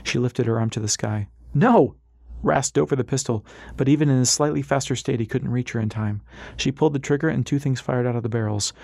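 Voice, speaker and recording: A man narrating an audiobook in a steady, measured reading style. His voice sits at an average pitch. It is recorded dry and close, with no room sound. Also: vocal fry, no room sound. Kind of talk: scripted narration.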